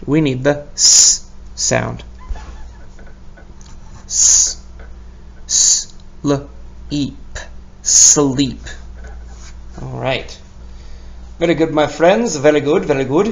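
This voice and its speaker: A male teacher leads a children's spelling lesson at an unhurried pace. His fairly high voice carries a heavy gravelly fry. He sounds out each letter patiently and keeps praising the kids. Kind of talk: recorded lesson for young children.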